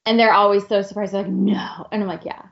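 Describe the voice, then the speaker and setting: A middle-aged woman talks in a loose, frank podcast chat, filling her sentences with likes and swearing freely. Her voice sits at an ordinary pitch. The recording sounds dull and muffled. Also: fairly even intonation, quick pace, creaky, a little hiss or hum. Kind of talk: casual chat.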